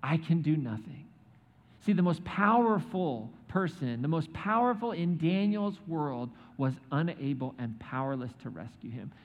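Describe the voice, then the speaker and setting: A man's voice: fairly high pitch, big pitch swings, normal speed, few pauses. A man preaching a sermon, retelling a scripture story with joking asides and acted-out quotes. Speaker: pastor. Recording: echoey hall, dull sound.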